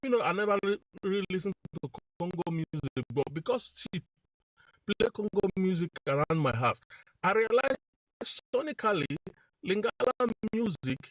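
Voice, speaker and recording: A man from Nigeria calling in to a live discussion, sharing his opinion in a halting way with repeated words. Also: high-pitched, expressive, dry recording, dull audio. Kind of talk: casual opinion talk.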